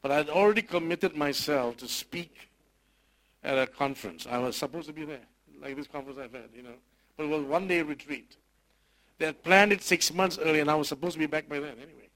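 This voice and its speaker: A man who is a pastor, telling a personal story in a sermon, emotional and halting, often repeating words. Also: on the high side, a bit bright, poor audio. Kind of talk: sermon testimony.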